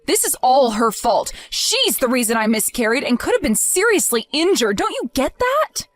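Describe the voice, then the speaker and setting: A woman acting out a grieving young wife in a voiced text-message drama. Her high voice rises and falls sharply as she pleads and accuses, recorded dry and close with faint music underneath. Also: sing-song, normal speed, dry recording. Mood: indignant.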